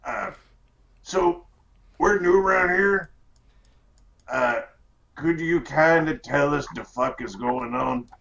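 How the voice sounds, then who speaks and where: A man's voice: fairly high pitch, slow, gravelly, pauses often, fairly bright tone, lo-fi sound. A man playing in a tabletop game, blunt and joking, swearing casually. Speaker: player.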